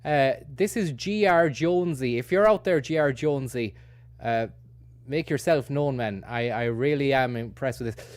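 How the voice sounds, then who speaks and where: A man's voice: mid-range voice, normal speed, no echo, clean studio sound. A man streaming, chatting loosely with lots of fillers and hesitations. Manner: rambling, many fillers, grateful. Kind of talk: casual stream commentary.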